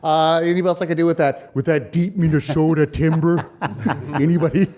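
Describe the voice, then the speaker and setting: A fairly high-voiced man running a tabletop game who chats casually with his players. He laughs often and keeps things joking. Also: fairly even intonation, brisk, darkish tone. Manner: giggly, joking. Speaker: game master. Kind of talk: casual chat, introducing players.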